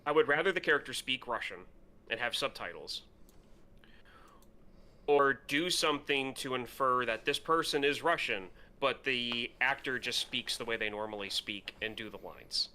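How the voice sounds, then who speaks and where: A man's voice: mid-range voice, normal speed, pushed and bright. A man co-hosting a movie podcast, rambling casually with lots of fillers. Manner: rambling, filler-heavy, laughs easily. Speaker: podcast co-host. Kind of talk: casual movie review chat.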